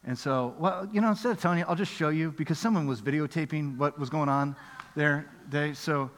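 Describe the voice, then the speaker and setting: A middle-aged man preaching a sermon, telling a story in a lively, conversational way, going from loud excitement to quiet earnest appeals. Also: fairly high pitch, brisk. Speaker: pastor. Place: church auditorium. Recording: music under voice in a reverberant hall.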